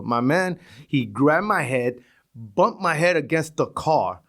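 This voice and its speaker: A middle-aged guy tells stories from the street in a loose, profane way. He keeps tripping over and repeating his words. His voice sits a bit high for a man. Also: animated, fairly quick, fairly bright tone. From East New York, Brooklyn. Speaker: retired police sergeant, guest. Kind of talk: casual storytelling.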